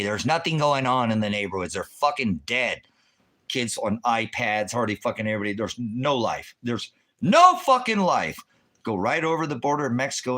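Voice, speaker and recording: A man's voice: on the low side, a bit bright. A man hosting a ministry livestream, ranting in a heated, profane, rambling way and quoting scripture. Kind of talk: angry livestream rant.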